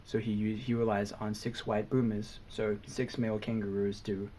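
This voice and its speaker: A man's voice: on the low side, level tone, normal speed, mellow, a little hiss or hum. A young Australian man co-hosting a podcast in casual chat, joking and teasing, laughing often. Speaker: podcast co-host.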